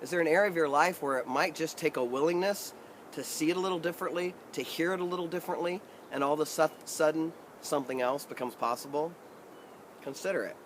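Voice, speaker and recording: A man's voice: on the high side, fast talker, slight background noise. Earnest man giving coaching talk. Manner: earnest, encouraging, animated storytelling. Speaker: life coach. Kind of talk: direct-to-camera coaching talk.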